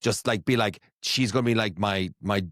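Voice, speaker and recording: A man's voice: on the low side, moderate pace, a bit bright, no echo, clean studio sound. A man hosting a podcast, chatting casually and gossiping about reality TV with plenty of laughter and swearing. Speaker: podcast host. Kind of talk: casual chat recapping reality TV.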